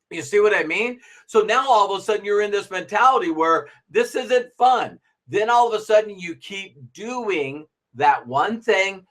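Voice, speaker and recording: A man's voice: high voice, a bit bright. A middle-aged man giving a motivational talk, acting out little dialogues and laughing as he goes. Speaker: motivational speaker.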